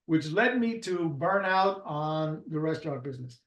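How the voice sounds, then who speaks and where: A man's voice: fairly high pitch, expressive, normal speed, fairly bright tone. A man from Puerto Rico, a guest in an interview, telling stories in a rambling way with many restarts. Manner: rambling, with frequent restarts and fillers. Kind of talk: casual storytelling interview. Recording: roomy echo.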